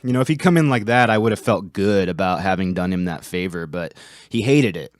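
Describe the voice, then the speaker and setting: Low-voiced man rambling dryly. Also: expressive, normal speed, no echo, studio quality. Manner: rambling, self-interrupting, profane asides. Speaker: host. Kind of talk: casual monologue.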